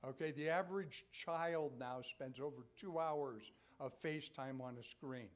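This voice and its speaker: An older male pastor preaching live in a church, with a voice pitched a little higher than most men's. He talks to the congregation like a conversation, tossing in "okay?" again and again. He builds to loud, emphatic peaks. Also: unhurried. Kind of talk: sermon. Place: church sanctuary.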